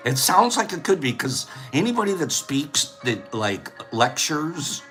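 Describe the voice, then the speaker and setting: A man's voice: on the high side, sing-song, measured pace, sharp tone, soft background music. A man hosting a casual livestream, playful and laughing often as he reads viewer comments aloud. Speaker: livestream host. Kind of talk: casual chat.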